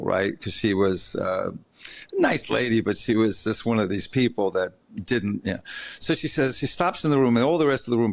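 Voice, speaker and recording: A middle-aged man hosting a podcast, telling an anecdote in a casual, animated way and laughing as he goes. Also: fairly low pitch, gravelly, no echo. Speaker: podcast host. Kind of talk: casual storytelling.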